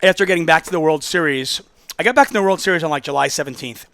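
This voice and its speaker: A man's voice: a little high, fast talker, pushed and bright, no room sound, clean studio sound. A man hosting a casual call-in poker podcast, telling stories in a chatty, rambling way. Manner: chatty, storytelling, self-interrupting. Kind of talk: casual solo call-in show talk.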